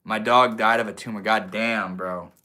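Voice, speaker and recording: This livestream host has a lowish, sharp-toned voice, keeping a steady tone at a moderate pace. A little tipsy at home, he alternates between reading chat comments and musing on spiritual matters, with plenty of "bro" and "dude." He's loose, profane, and prone to preachy bursts.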